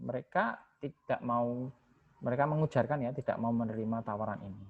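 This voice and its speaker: A man's voice: mid-range voice, fast talker, creaky. A male university lecturer with an Indonesian accent explains linguistics in a recorded class. He switches between English and Indonesian and voices example sentences with exaggerated rises and falls. The audio is dull and lo-fi. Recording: dull lo-fi sound.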